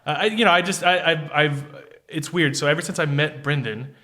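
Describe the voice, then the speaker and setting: A middle-aged man from Houston hosting a casual chat over drinks, telling stories and acting out his own messages with lively delivery. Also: a little high, normal speed. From Houston, Texas. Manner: animated storyteller, acts out his own texts. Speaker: podcast host.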